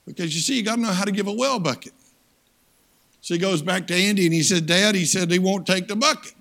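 A male preacher delivering a sermon with a high-pitched, gravelly voice. He tells homespun stories and bursts into loud acted voices for his characters. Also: fast. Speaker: guest preacher.

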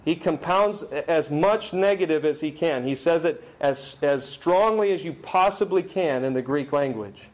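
A man's voice: on the high side, darkish tone, rough recording. Emphatic man preaching a sermon. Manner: emphatic, slows down to read scripture. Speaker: pastor.

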